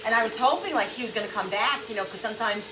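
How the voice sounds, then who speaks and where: A woman's voice: fairly high pitch, racing. A middle-aged woman telling a personal story in an emotional, rambling vlog, repeating herself as she goes. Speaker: vlogger. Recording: roomy echo, mic at a distance, noisy.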